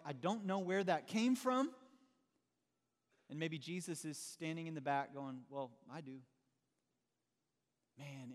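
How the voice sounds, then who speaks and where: Male pastor, middle-aged, high voice, casual animated sermon, long hall echo. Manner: conversational, animated, calls listeners "man".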